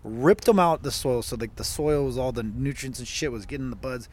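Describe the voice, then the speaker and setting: A man co-hosting a podcast, telling an animated story in casual chat with lots of swearing. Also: medium pitch, brisk. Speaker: podcast co-host.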